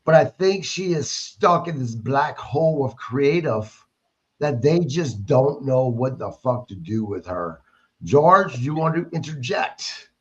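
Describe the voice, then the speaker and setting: A man's voice: medium pitch, animated, a little slow, highs cut off. A man hosting a podcast, recapping wrestling in blunt, casual talk and swearing freely. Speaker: podcast host.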